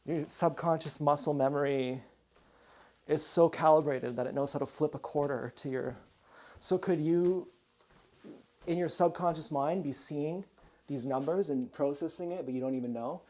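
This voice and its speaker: A man's voice: a little high, normal speed, a little mellow. A man rambling in a casual, profane monologue from home, drifting between topics and muttering asides. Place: at home indoors.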